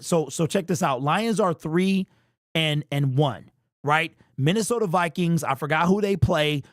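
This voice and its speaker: A young man hosting a fan livestream postgame show, talking excitedly and casually to his chat in slang. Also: a little high, dry recording, clean studio sound. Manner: excitable, slangy, talks straight to the chat with lots of "bro".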